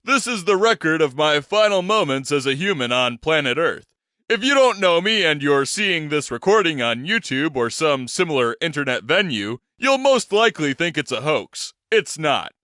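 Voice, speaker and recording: A man voicing a cheerful, self-assured adventurous man who speaks calmly and with confidence. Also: a little high, normal speed, no room sound, clean studio sound. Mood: steady.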